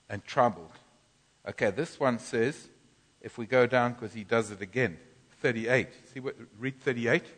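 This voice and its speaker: A man preaching a sermon in a church, teaching from scripture with animated bursts of loud groaning. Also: medium pitch. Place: church hall. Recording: long church reverb.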